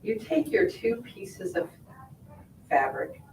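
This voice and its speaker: Slow and mid-range, with big swings in pitch, a sewing instructor walks viewers through a quilting demonstration step by step, checking in with "right?" and "okay?". She's recorded from a distance, off-mic, in an echoey shop or studio with background noise.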